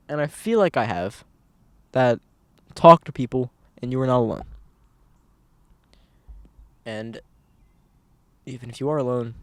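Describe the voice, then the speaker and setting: A man of medium pitch speaks straight into his camera mic, earnest and rambling as he circles back to the same point again and again. His delivery is casual and unscripted, the loose talk of a personal vlog. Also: no echo. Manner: earnest, rambling, repeats himself. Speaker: vlogger.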